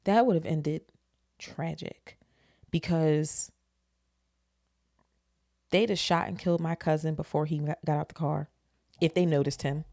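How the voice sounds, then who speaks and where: A young adult woman from the United States hosting a podcast, candidly retelling a story in a casual, profane, animated way. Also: sits low, no echo, studio quality. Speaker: podcast host.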